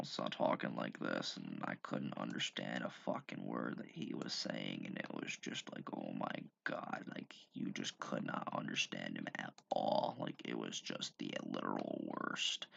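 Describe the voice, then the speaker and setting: A man imitating a mumbling, drunk young male gamer with slurred, low speech. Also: creaky, a bit bright, lo-fi sound, full character voice.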